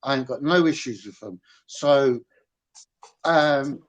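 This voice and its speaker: A man's voice: medium pitch, slow pace, dull audio, slight background noise. A man on an online call, blunt and combative, swearing as he argues his point. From London, of Irish parents. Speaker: participant in an online call-in argument. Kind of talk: heated casual argument.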